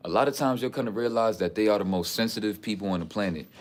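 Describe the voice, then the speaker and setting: Deep-voiced streetwise Bronx man vlogging. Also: quick pace, a little hiss or hum. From the Bronx, New York. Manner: streetwise, preachy storytelling with lots of "you know what I'm saying". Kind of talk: casual talking-head vlog.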